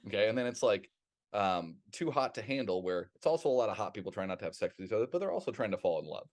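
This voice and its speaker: Lower-pitched man, rambling podcast storyteller. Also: quick pace. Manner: rambling, animated storyteller who swears freely. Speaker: podcast co-host. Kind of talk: casual podcast chat.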